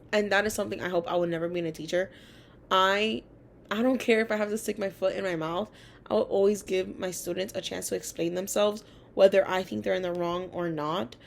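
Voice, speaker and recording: Young woman, chatty storytelling, frequent fillers, gravelly fry, mid pitch, faint background noise. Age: young adult. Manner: chatty, many fillers, animated quoting of others. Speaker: college student. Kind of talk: casual personal storytelling.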